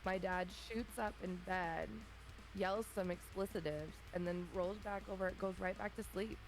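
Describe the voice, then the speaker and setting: A woman in her thirties telling a funny childhood story in a relaxed chat, acting out her family's voices. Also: mid-range voice, normal speed, over music, poor audio. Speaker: streamer guest. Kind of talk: casual storytelling.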